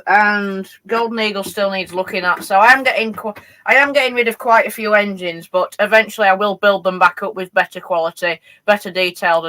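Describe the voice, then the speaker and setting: Bright-voiced Yorkshire teen streamer. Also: male voice, high-pitched, rough recording. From Yorkshire, England. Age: teens. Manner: chatty, answering live chat messages. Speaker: livestream host. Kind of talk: live-stream chat while running model trains.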